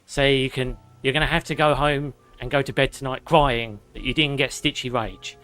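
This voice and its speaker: A man's voice: medium pitch, steady tone, moderate pace, hardly any pauses, sharp tone. A young man chatting casually to his viewers while playing a video game, swearing now and then and reading chat aloud. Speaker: gaming streamer. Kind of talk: casual live gameplay commentary. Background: game music.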